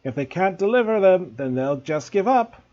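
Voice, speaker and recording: A man voicing a blustering, furious middle-aged uncle with a loud, slow, wheezing way of barking orders in a storybook reading. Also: a little high, lively intonation, lo-fi sound. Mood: smug.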